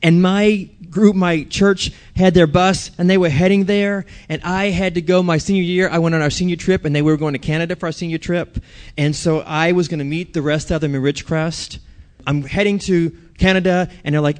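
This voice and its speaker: A man's voice: a little high, steady tone, fairly quick. A man preaching a sermon, telling a personal story and asking the audience questions.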